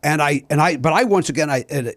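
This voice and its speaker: A man's voice: a little high, quick pace, no room sound, studio quality. A man hosting a podcast, telling a story in casual chat, acting out the dialogue and swearing. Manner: animated, acts out quoted dialogue, swears. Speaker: podcast host.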